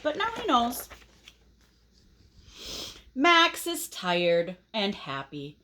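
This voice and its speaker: A woman reading a picture book aloud to children in an expressive way, pausing to ask the listeners questions. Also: on the high side.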